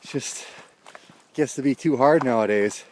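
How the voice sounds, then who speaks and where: A man's voice: medium pitch, moderate pace, a little mellow, slight background noise. A man vlogging outdoors in a casual, rambling monologue with wry, chuckled asides.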